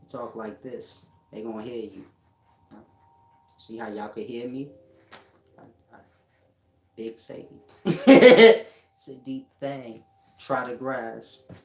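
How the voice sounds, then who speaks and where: A deep-voiced man talks to his audience like a self-assured street preacher, slangy and lecturing, sometimes laughing at his own points. The room is echoey, with a faint hum of ambience behind him. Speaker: spiritual teacher. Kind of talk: casual monologue to viewers.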